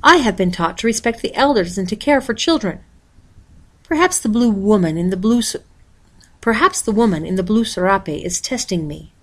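A woman reading a storybook aloud, voicing a kind young girl who talks softly and earnestly, sometimes in a whisper. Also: mid-range voice, expressive, normal speed, natural voice. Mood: worried.

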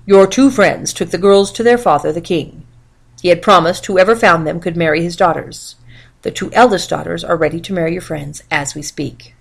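A woman reading aloud, voicing a male devil who grants wishes in a loud, even way. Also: lowish voice, moderate pace, vocal fry. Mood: bargaining. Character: devil, male, smooth and bargaining.

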